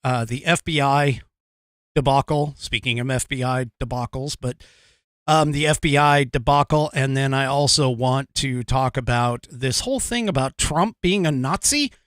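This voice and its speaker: A man's voice: medium pitch, normal speed, fairly bright tone, no room sound, clean studio sound. A man hosting a livestream podcast, talking casually and rambling, with lots of fillers and frequent chuckles. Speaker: podcast host.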